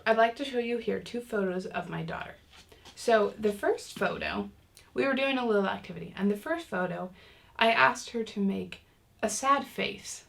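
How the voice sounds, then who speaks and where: A woman's voice: medium pitch, expressive, moderate pace, gravelly, a bit bright. A woman teaching a casual online parenting lesson, talking in a chatty way with many fillers and restarts. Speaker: parenting class instructor.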